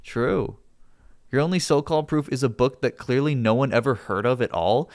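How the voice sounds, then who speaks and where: A man's voice: medium pitch, normal speed, a little mellow, no echo, clean studio sound. A male livestreamer arguing with his chat, heated and exasperated, swearing as he reads out and answers comments. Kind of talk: live stream chat argument.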